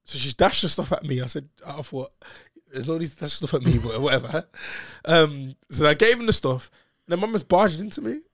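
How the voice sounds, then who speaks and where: A man's voice: a little high, normal speed, a bit bright, dry recording, studio quality. A man telling a story in casual chat, full of slang and swearing and acting out what other people said.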